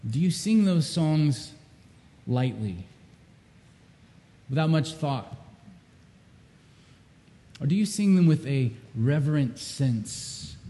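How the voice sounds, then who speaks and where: A male pastor preaching a sermon with earnest emphasis, swinging from loud repeated cries down to low, intimate questions. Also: long reverb tail.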